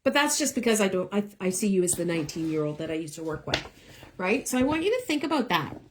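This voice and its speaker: A woman's voice: lowish voice, very animated, fast talker. A middle-aged woman giving live one-card tarot readings, chatty and encouraging, talking straight to her viewers. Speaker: tarot reader.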